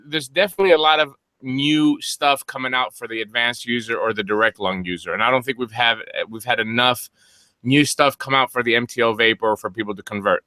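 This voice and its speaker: Male co-host, bright and smooth voice, detailed explainer, teasing. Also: mid-range voice, fairly quick, no room sound. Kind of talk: casual podcast chat.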